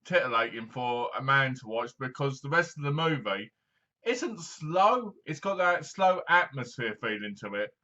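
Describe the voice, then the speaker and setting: A man's voice: medium pitch, lively intonation, normal speed, sharp tone, dull audio. A man giving a casual, rambling movie review, full of fillers. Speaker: film reviewer.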